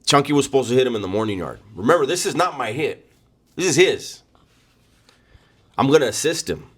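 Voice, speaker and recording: A man's voice: mid-range voice, lively intonation, fairly quick, a bit bright, husky. A man telling a first-person story in a casual, blunt way, full of street slang and cursing.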